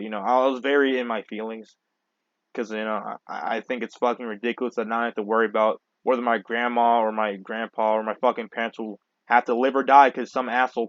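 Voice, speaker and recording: A man's voice: mid-range voice, dry recording, muffled recording. Profane, rambling young man vlogging. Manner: profane, rambling, with frequent restarts and fillers. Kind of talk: casual ranting monologue to camera.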